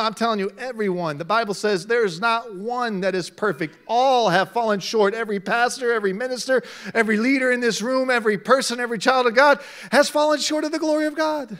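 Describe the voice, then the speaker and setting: A middle-aged male pastor preaching a sermon, swinging from quiet talk to loud shouts. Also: very high-pitched, brisk, few pauses.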